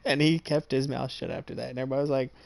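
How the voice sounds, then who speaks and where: Talking very fast in a gravelly, medium-pitched voice with a steady tone, a streamer brags his way through a personal story. He swears without restraint, sounds amused, and regularly checks in with "okay?"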